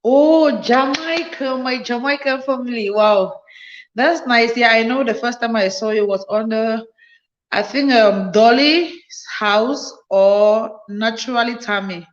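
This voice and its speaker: A woman whose voice sits a little high speaks slowly through a phone, and the sound is lo-fi. Fatigued after her night shift, she hosts a laid-back livestream, welcoming and thanking viewers over and over as they arrive.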